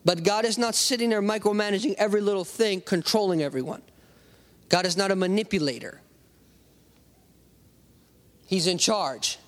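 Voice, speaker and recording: A man's voice: sits high, normal speed, pauses often. A male pastor preaching a conversational sermon, acting out little voices and talking straight to the congregation. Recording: long hall reverb.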